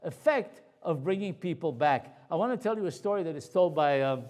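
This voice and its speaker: A man, a rabbi, giving a storytelling Torah lecture to a live audience in a conversational, animated way. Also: fairly high pitch, fairly quick.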